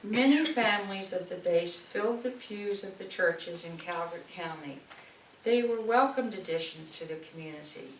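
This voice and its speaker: A woman's voice: lowish voice, normal speed. A woman speaking at a community event, telling fond personal stories in the manner of a public speech. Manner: fond, storytelling, warm recollection. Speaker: local speaker at an anniversary event. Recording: echoey room, distant mic, faint noise.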